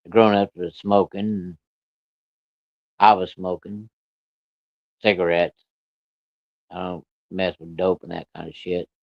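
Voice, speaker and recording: A man telling a story of his own in a blunt, profane, folksy way, with rough rural grammar. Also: low-pitched, flat delivery, slow pace, pauses often, no room sound. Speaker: storyteller recounting a personal encounter. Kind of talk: casual spoken storytelling. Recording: dull, lo-fi and dry.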